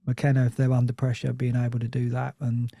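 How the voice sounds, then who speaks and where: A man's voice: medium pitch, completely flat delivery, fairly quick, creaky, dark tone, no echo, studio quality. A man chatting on a football podcast, rambling and restarting his sentences often. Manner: rambling, self-interrupting, many restarts. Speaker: Nottingham Forest fan guest. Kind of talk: casual podcast chat.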